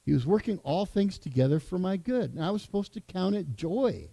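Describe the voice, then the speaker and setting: A man's voice: high voice, sing-song, a little fast, gravelly, mellow. A middle-aged man, a church elder, preaching a sermon in a conversational way with asides.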